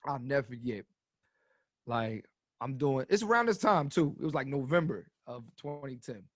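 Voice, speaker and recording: A man in his thirties, a comedian guest telling stories on a podcast in a casual, animated way, swearing freely and getting loud as he goes. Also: medium pitch, normal speed, no room sound, studio quality. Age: 30s.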